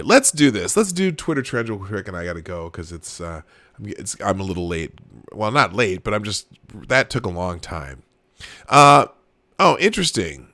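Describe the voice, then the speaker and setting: Speaking in a fairly low, fairly bright voice with no room sound, a man in his forties hosts a casual live stream. He rambles, keeps restarting, laughs at his own jokes and addresses his chat viewers directly.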